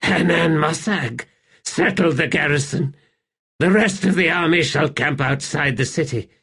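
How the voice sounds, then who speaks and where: A man's voice: fairly high pitch, a little slow, pushed and bright, slightly rough, voice pushed up, exaggerated voice. A man voicing an anguished male warrior emperor who has just come back from death, speaking in strained, broken phrases.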